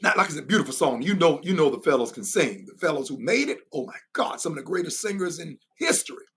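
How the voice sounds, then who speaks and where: A man's voice: fairly high pitch, sing-song, fast talker, fairly bright tone, husky. A man teaching in a sermon style, emphatic and repetitive, who often laughs as he goes. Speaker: preacher and Bible teacher.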